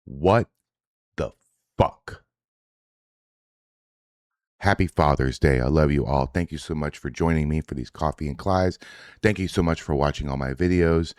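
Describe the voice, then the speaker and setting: A man's voice: rumbling low, unhurried, long pauses, darkish tone, no room sound, studio quality. A man hosting an online reaction video, talking bluntly and with a lot of profanity, sounding exasperated. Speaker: host reacting to clips. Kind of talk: casual reaction commentary.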